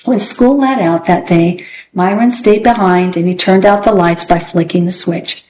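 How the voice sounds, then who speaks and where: A woman reading a children's chapter book aloud in a gentle, clear storybook manner. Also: lowish voice, normal speed, a little hiss or hum, low-quality recording. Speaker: narrator.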